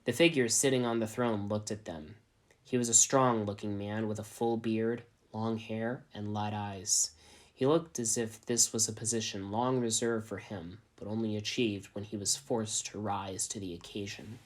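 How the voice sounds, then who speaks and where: A man narrating a fan fiction story in a deadpan, even reading voice. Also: lowish voice, moderate pace.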